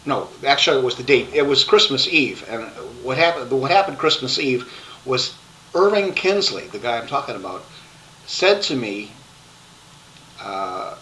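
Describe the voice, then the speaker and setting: Bright-voiced man rambling to a webcam. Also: mid-range voice, animated, slight background noise, low-quality recording. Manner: rambling, halting, with many restarts and fillers. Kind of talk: personal life story to webcam.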